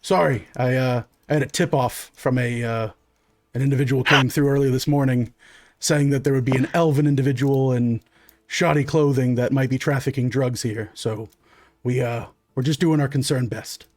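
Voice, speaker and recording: A man voicing a pushy, suspicious male fort guard who talks in a gruff, bullying way. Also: mid-range voice, fairly even intonation, normal speed, darkish tone, close to an everyday voice. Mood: officious.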